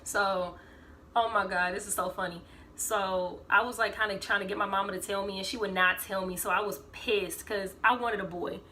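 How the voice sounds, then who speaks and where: A woman's voice: medium pitch, steady tone, normal speed, sharp tone, slight background noise. A young woman, rambling through a casual storytime vlog and full of fillers. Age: 20s. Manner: rambling, filler-heavy, acts out quoted voices. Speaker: vlogger.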